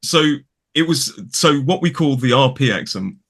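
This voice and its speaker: A man with a British English accent, an English teacher talking casually as a guest from a home studio in a spare room, chatty and quick to correct himself. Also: mid-range voice, lively intonation, a bit bright. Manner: chatty, self-correcting, laughs often. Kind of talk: casual conversation.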